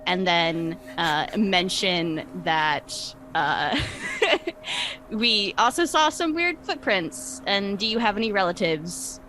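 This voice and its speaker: A woman's voice: mid-range voice, expressive, slow pace, pushed and bright, a little hiss or hum, rough recording. A woman playing a tabletop game, chatting casually and thinking aloud. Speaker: player.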